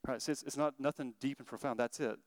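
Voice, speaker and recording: A man's voice: mid-range voice, steady tone, quick pace, dry recording. A man in his thirties preaching a sermon, telling personal stories in an earnest, conversational way that is full of restarts. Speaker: pastor.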